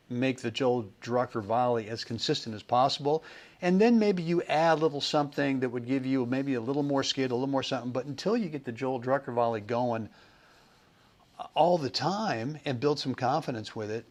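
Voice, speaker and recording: Male podcast host, middle pitch, chatty storyteller, casual conversational delivery. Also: moderate pace. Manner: chatty storyteller, repeats words, animated when quoting.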